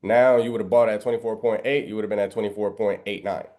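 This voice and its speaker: Man, lowish voice, trading instructor, emphatic, rhetorical questions, preachy. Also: fairly even intonation, fast, a little mellow. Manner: emphatic, keeps asking "right?" and rhetorical questions; preachy, mixes in biblical references. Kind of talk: live trading lesson over screen share.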